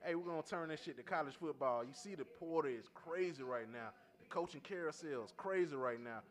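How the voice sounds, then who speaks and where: A man's voice: on the high side, a little fast. A man hosting a casual sports podcast, easygoing and rambling, often saying "man.". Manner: easygoing, repeats "man" and "you know what I'm saying".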